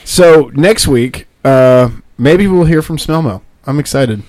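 A married man hosting a podcast, telling stories in a lively casual chat and laughing often. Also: a little high, slow. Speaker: podcast host.

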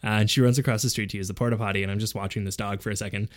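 A man's voice: on the low side, very fast. Young man telling a story, laughing. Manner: animated retelling with laughter. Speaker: podcast host. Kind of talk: casual storytelling.

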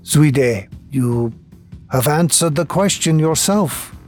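A man voicing a wise old male tribal elder who speaks slowly and in measured phrases. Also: a little high, expressive, a little mellow, faint music behind. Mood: gently stern. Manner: slow, measured.

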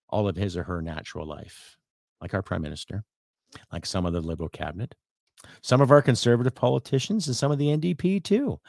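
A man's voice: mid-range voice, no room sound, studio quality. A man from Canada hosting a podcast, delivering an angry, sarcastic rant with some swearing. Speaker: podcast host. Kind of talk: ranting podcast monologue.

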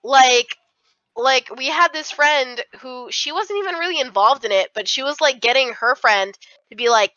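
Young woman podcast co-host, chatty storyteller, bright voice, dry dull mic. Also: a little high, moderate pace, no echo. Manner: fillers, swearing, animated retelling. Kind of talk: casual storytelling chat.

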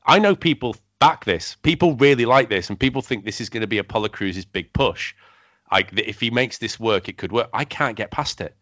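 A man's voice: medium pitch, animated, brisk, fairly bright tone, no room sound. A man co-hosting a podcast, leading the chat with many hesitant ums. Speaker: podcast co-host. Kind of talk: casual chat. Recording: dry, dull lo-fi sound.

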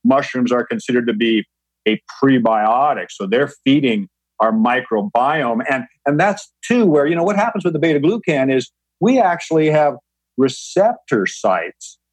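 A man's voice: mid-range voice, expressive, moderate pace, breathy edge, no echo, low-quality recording. A man speaking as a guest, explaining things patiently in an interview, often restarting and repeating words. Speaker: guest, mushroom grower.

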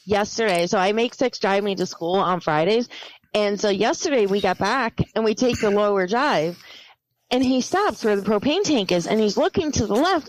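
A woman co-hosting a podcast, telling profane, animated stories in casual chat. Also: a little high, normal speed, poor audio. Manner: animated, profane, laughing storyteller. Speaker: podcast co-host.

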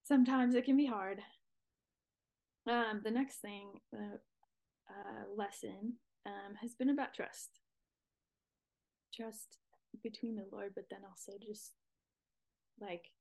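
Young woman on a church podcast, gravelly, lots of ums, slips into breathy near-whispers. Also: medium pitch, a little mellow. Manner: earnest, halting, many fillers, drops to breathy near-whispers. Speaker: church podcast guest speaker. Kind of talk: casual faith talk.

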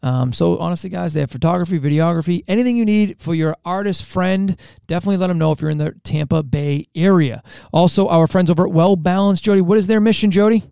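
A man's voice: high-pitched, creaky, dark tone, clean tone, dry recording. A man co-hosting a podcast in a studio, chatting casually and teasing his co-host with jokes. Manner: joking, teasing, quick talker. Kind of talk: casual chat.

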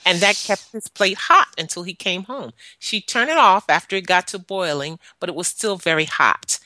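Earnest, bright-voiced woman telling her story. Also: fairly low pitch, dry recording. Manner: earnest, halting with frequent pauses. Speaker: guest sharing her life story. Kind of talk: personal testimony, storytelling.

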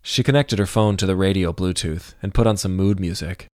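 A man reads a story aloud in a steady audiobook style. His voice is very low and deep. The recording is dry, with little room sound. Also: fairly quick, no echo. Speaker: narrator. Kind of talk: audiobook narration.

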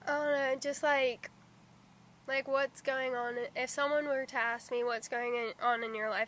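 A teenage high school girl, a guest on a casual podcast, speaking hesitantly with many fillers. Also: flat delivery, moderate pace, a bit bright, a little hiss or hum. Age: teens.

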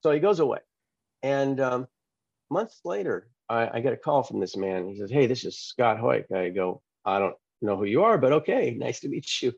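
A man, a pastor and author, telling a testimony in an interview, acting out the quoted dialogue with lively changes of voice. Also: mid-range voice, normal speed, creaky, breathy edge, no echo, highs cut off. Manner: animated, acts out quoted dialogue.

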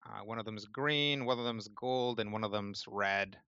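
Bright-voiced man running a tabletop game. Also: fairly low pitch, moderate pace, clear, resonant tone, dry recording. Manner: rambling, full of fillers. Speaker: game master. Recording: dry, slightly muffled lo-fi sound.

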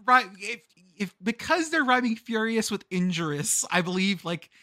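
Quiz host, male, high and bright voice, dry close mic, sing-song reading. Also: expressive, normal speed, dry recording. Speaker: podcast co-host running a quiz. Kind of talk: casual chat, reading fight song lyrics aloud.

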